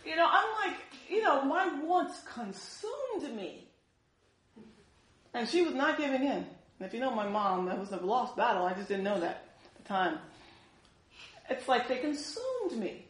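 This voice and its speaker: A woman preaching a sermon in an animated way, acting out the voices she quotes. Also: fairly high pitch, a little slow, long pauses, reverberant, low-quality recording.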